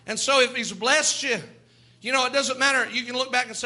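Man, preacher, very high voice, piercing bright tone, fervent sermon, rhythmic scripture reading. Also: a little fast. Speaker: pastor.

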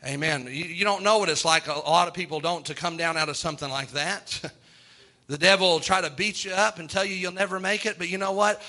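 A man's voice: sits high, fast, pushed and bright. A man preaching a sermon as pastor, building to fervor and punctuating with amens. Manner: preaching with rising fervor, call-and-response amens.

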